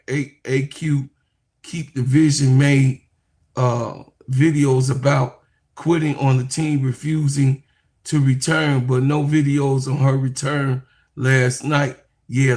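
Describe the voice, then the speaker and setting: A man hosting a sports live stream who reads chat comments and speaks in a preacherly way, repeating phrases for emphasis and swinging from low asides to loud, high proclaiming. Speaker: sports talk host.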